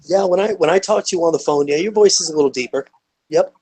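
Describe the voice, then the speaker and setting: A man's voice: sits high, fast, darkish tone, breathy edge. A man guesting on a live stream, friendly and casual, often stammering as he starts a sentence.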